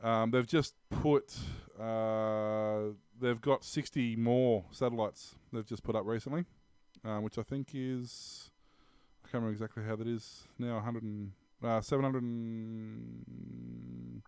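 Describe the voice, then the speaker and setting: Smooth-voiced rambling Australian man. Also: mid-range voice, fairly even intonation, unhurried, a little mellow, dry recording. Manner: rambling, many ums and restarts, laughs often. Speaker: podcast co-host. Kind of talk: casual tech news chat.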